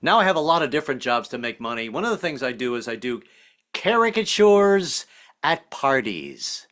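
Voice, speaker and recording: Casting: lively male stand-up comic, bright and animated, quick to act out voices. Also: medium pitch. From Southern United States family. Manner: animated, acts out voices, self-deprecating. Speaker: stand-up comedian. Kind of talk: stand-up comedy set. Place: online virtual comedy show.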